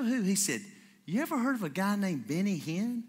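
This sermon comes from a pastor whose high, slightly rough voice moves briskly as he energetically plays out the characters in his stories. He's recorded on a stage mic in a reverberant church sanctuary with the congregation present.

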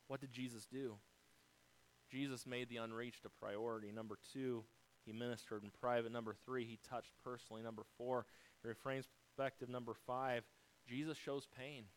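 Heard on a rough recording with slight background noise, this medium-pitched male pastor from the United States addresses his congregation directly as he moves through a sermon's numbered points. He preaches dynamically, rising to loud peaks before falling soft.

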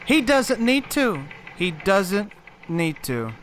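A man's voice: high voice, very animated, slow, fairly bright tone, a little hiss or hum, full character voice. A man playing a boastful impostor posing as a comedy podcast's news anchor, pushing a rosy spin. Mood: insistent. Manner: blustering, pushy, evasive.

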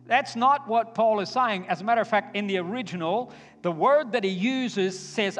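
A man preaching a sermon to a congregation, emphatic and building to forceful exhortation. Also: high voice, moderate pace. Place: church sanctuary. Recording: long hall reverb, faint guitar. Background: faint guitar music.

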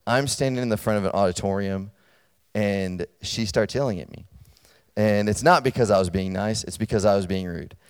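With a long hall reverb behind him, a man with a lowish, clean-toned voice speaks to college students at a moderate pace. His sermon feels like a conversation with frequent check-ins, until a personal story makes him loud and animated.

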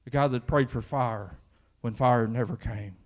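A man's voice: mid-range voice, a little slow. A man with a Kentucky accent, preaching a sermon in church in a conversational style that rises into fervent emphasis. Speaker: pastor.

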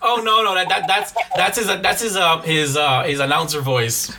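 A man's voice: fairly high pitch, fairly even intonation, normal speed, gravelly, heavy background noise. A man co-hosting a podcast, bantering and teasing in casual chat. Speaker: podcast co-host.

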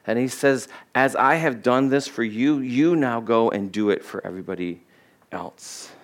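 A male pastor preaches a sermon at a moderate pace in a loose, conversational style. He often acts out quoted voices, jumping suddenly up in pitch.

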